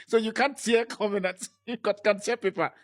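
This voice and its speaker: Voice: mid-range voice, steady tone, moderate pace. A street interviewer who reacts with giggles and enthusiastic interjections.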